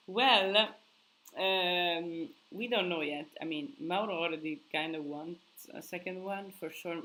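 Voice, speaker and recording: A woman's voice: on the low side, slow, pushed and bright, poor audio. A sleep-deprived young woman hosts a casual live Q&A. She answers viewer questions, thinking aloud and hunting for words.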